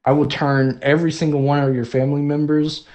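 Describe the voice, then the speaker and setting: A man's voice: a little high, level tone, brisk, darkish tone. Young man making playful mock threats. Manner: playful mock-menacing joking. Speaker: podcast co-host. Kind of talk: casual chat.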